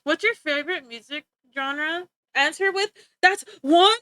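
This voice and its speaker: A woman's voice: sits high, a little slow, sharp tone, no echo. A woman live-streaming, chatting casually and teasing her viewers, rambling and often breaking off to giggle. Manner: joking, teasing banter with chat. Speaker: livestreamer.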